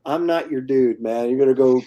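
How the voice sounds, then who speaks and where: A man's voice: mid-range voice, a little fast, highs cut off. A man, a comic artist, telling wry, incredulous stories in casual chat on a group video call.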